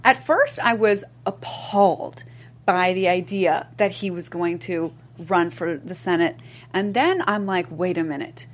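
A woman co-hosting a podcast, chatting about politics in an animated, exclamatory way with stammering starts. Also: lowish voice, unhurried. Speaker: podcast co-host. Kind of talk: casual political chat.

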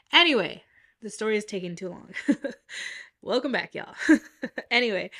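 A woman's voice: medium pitch, fairly bright tone. A young adult woman hosting a podcast in casual chat, with a stuffy nose from a cold, upbeat and chatty, often laughing at herself. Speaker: podcast host.

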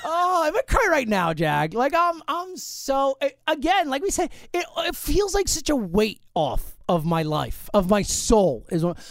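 A young man co-hosting a podcast, gushing and emotional, sometimes shouting in excited casual chat. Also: extremely high pitch, unhurried, few pauses, no echo, clean studio sound. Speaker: podcast co-host.

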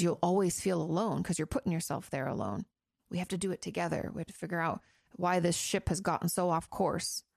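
Frank, gravelly woman giving advice. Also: lowish voice, a little mellow, no room sound, clean studio sound. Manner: frank and chatty, casual swearing. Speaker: host, former therapist answering listener questions. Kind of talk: casual advice talk.

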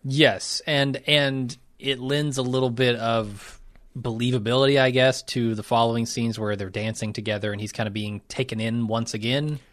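A man's voice: mid-range voice, steady tone, moderate pace, a bit bright, dry recording. A man co-hosting a podcast in casual chat, adding dry, wry quips. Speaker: podcast co-host.

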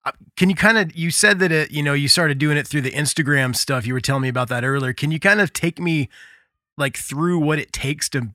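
A man hosts a casual interview show, asking questions in a relaxed, friendly way with plenty of fillers. His voice sits a little high and sounds bright and sharp. The sound is dry and close to the mic. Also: a little fast, no echo. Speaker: podcast host.

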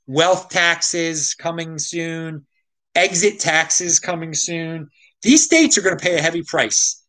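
A man from the Baltimore area talks through his solo show in a loose, ranting monologue. His pitch swings widely as he grows exasperated, stumbling and restarting mid-sentence before pressing on. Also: a bit bright, rough recording. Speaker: show host. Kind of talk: casual opinion monologue.

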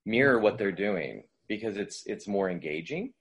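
A man's voice: fairly low pitch, animated, normal speed, a bit bright, breathy edge. A man speaking as a guest voice coach, giving conversational advice in a loose, rambling way with many fillers and restarts.

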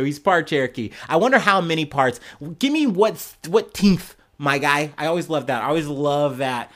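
A man hosting his own podcast, giving casual solo news commentary in a blunt, profane and animated way. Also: a little high, normal speed. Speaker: podcast host.

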